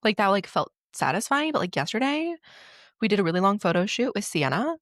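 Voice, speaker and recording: A young woman co-hosting a podcast, telling stories in an animated, casual way and swearing freely. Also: medium pitch, brisk, no room sound, studio quality. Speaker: podcast co-host. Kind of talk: casual chat.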